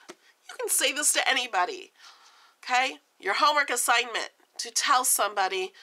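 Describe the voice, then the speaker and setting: Woman in her forties, vlogger, chatty and earnest, bright voice, fairly high pitch. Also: lively intonation, moderate pace. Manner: chatty, earnest, gives friendly advice. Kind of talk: casual chat to camera.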